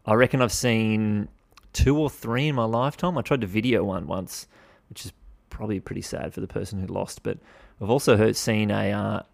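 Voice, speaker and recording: A man's voice: on the low side, gravelly, a little mellow. A young Australian man hosting a podcast, talking casually and bluntly, swearing freely with mock exasperation. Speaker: podcast host. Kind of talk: casual solo commentary.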